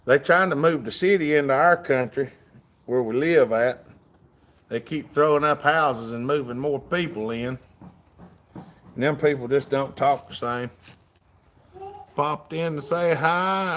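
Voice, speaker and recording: A man's voice: fairly high pitch, a bit bright. A man with a Southern US accent hosting a casual livestream, reading out viewer comments in a folksy, drawling way. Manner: folksy, drawling, reads chat aloud. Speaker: livestream host.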